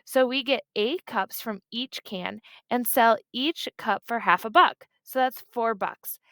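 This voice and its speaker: Brief: woman doing an eager, hesitant eight-year-old girl, high voice with some fry, dry close read. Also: measured pace, pushed and bright, dry recording.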